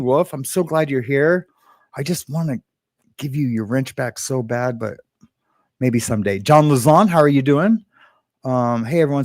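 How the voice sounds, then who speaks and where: A man's voice: medium pitch, darkish tone, no echo, clean studio sound. A man hosting a casual livestream, greeting viewers by name in a rambling, filler-heavy way. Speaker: livestream host.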